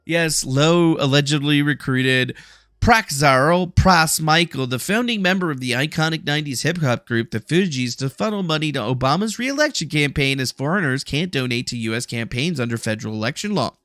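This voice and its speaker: A man's voice: a little high, a little fast, sharp tone, smooth, no echo, clean studio sound, soft background music. A man hosting a casual livestream at home, reading news aloud and riffing on it sarcastically, swearing casually. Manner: reads news articles aloud and riffs on them. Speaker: livestream host.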